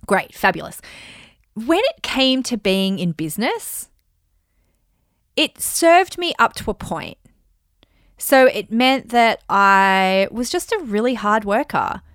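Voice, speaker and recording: An Australian woman in her thirties hosts a solo podcast, telling personal stories and acting out her own quoted thoughts in a chatty way. Her voice is on the high side and expressive, slow with frequent pauses, a bit bright, in clean studio sound with no echo.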